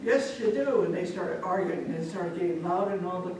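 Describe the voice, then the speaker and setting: A woman's voice: fairly low pitch, brisk, a little hiss or hum. Woman storyteller, echoey and distant. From Omaha, Nebraska. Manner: animated, addresses the audience directly. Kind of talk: live folk storytelling to an audience. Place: live public event, echoey room. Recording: echoey hall from far off.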